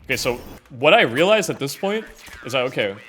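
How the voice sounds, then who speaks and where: Young guy, casual game commentary, mid-pitched, faint hiss, keyboard clicks. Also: very animated, brisk. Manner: casual, many fillers, often trails off quietly. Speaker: gaming content creator.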